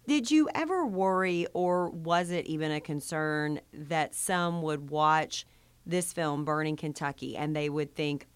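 A woman interviewer with a smooth, low voice asks measured questions. Her voice is recorded dry and close, with no room echo. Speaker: interviewer host.

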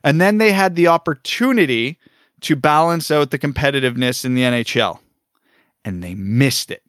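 A man's voice: mid-range voice, animated, moderate pace, a bit bright, no echo, studio quality. A man co-hosting a hockey podcast, ranting heatedly and emphatically in casual talk. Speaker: podcast co-host.

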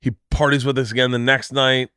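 A man's voice: medium pitch, a little fast, smooth, no echo, studio quality. A man hosting a podcast, telling stories in a casual comedic way, swearing often and acting out the people he quotes. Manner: animated, profane, acts out quoted voices. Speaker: podcast host.

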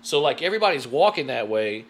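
A man telling a story in casual chat, animated and swearing freely. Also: medium pitch, fast, slight background noise. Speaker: guest.

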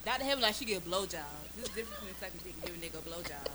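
A woman's voice: on the low side, lively intonation, very fast, background noise. A woman with a Southern US accent in casual chat, brash and crude, full of laughing banter.

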